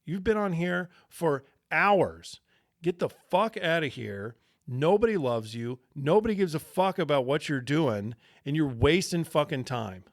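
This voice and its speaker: A man acting out a menacing, hostile male gym regular who scolds him with constant cursing, in a voice a bit higher than his own. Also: animated, unhurried, no echo, studio quality. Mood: angry.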